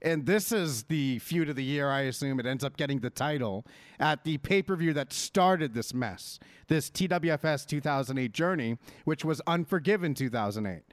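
A man talks over wrestling in a lively, swinging voice that sits a little high for a man. He rants hard and swears freely. The sound is dry and close, with no room to it. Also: normal speed, dry recording. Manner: animated ranting, swears freely. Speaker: podcast co-host. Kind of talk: casual wrestling chat.

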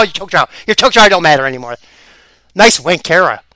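A man with a high, bright and forceful voice rambles through casual reaction commentary, getting excited and laughing easily. His delivery swings wildly up and down in pitch, with a gravelly edge on the low notes. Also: a little fast, rough recording. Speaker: vlogger reacting to fights.

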